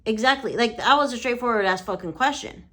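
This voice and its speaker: A woman's voice: a little high, brisk, a bit bright. A woman lash artist telling a story in casual chat, swearing freely and quoting conversations with "I'm like".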